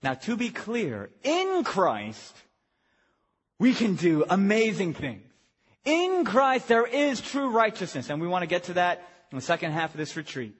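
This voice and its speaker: A high-voiced male pastor preaching a retreat sermon with big swings of pitch, sometimes dropping low and quiet, sometimes shouting. His voice is a bit husky and rings out in a long hall reverb. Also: a little slow. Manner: animated, swings from hushed to shouting.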